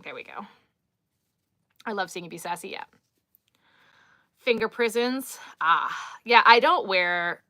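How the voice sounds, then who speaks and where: A young woman from New York, chatting casually with her live viewers, sassy and quick to laugh, talking to her dog in between. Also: medium pitch, sharp tone, dry recording, studio quality. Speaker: livestream host.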